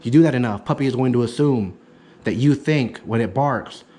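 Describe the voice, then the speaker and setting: A man's voice: mid-range voice, normal speed. A man working as a dog trainer, giving an in-home consultation in an emphatic, repetitive teaching manner. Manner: emphatic, repetitive teaching, acts out excited praise.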